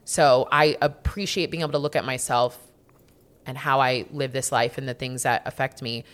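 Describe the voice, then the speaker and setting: A woman with a notably low-pitched voice speaks frankly in a relaxed, casual conversation. She is a young adult who swears freely and stresses points by repeating words. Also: normal speed.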